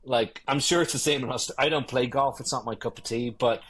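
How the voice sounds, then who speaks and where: A man's voice: medium pitch, brisk, a little hiss or hum. A man, a guest photographer telling swear-laced wedding stories in a casual interview. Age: 50s. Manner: swearing, animated anecdotes.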